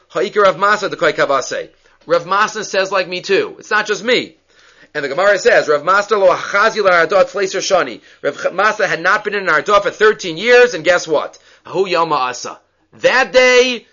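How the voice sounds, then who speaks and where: A man's voice: sits high, sharp tone. A man teaching a Talmud class, reading and translating the text and acting out the dialogue with animation. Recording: dull lo-fi recording.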